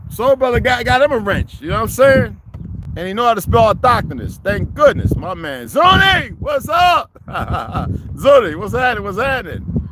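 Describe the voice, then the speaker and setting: Brief: high-voiced, swinging male streamer, profane and confrontational, noisy background. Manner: confrontational, cursing, animated. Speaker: livestream host. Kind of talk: profane livestream rant and chat greetings.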